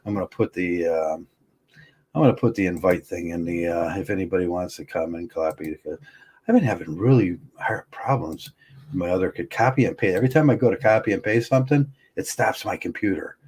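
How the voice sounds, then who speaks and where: A man's voice: deep voice, brisk, darkish tone, husky. A man hosting a livestream, ranting heatedly and bluntly, often stumbling and restarting his words. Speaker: livestream host.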